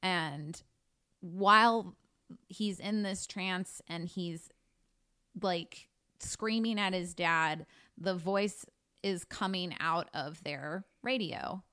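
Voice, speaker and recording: Expressive woman podcast co-host, dry sound. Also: on the low side, very slow, clear, resonant tone, no echo. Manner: expressive, recaps plot eagerly. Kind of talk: casual book-discussion chat.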